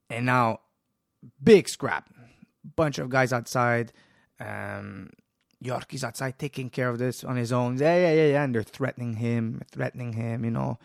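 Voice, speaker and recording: Man, gravelly voice, casual storytelling, animated, dry close sound. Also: mid-range voice, no echo. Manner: animated, acts out quotes, swears. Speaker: guest, jiu-jitsu school owner.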